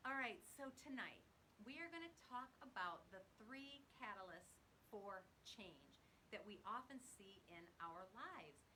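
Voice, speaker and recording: A woman's voice: mid-range voice, animated, a little slow, sharp tone, a little hiss or hum, low-quality recording. A woman hosting a live stream, chatting casually and greeting her viewers one by one by name in an upbeat, bubbly way.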